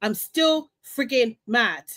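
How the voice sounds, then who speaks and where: A young woman with a slightly high voice hosts a casual live stream, ranting with lots of energy, laughing and repeating herself as she gets worked up. She speaks close to a desk mic. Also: animated, takes it slowly, fairly bright tone. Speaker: host of a live reality TV recap show.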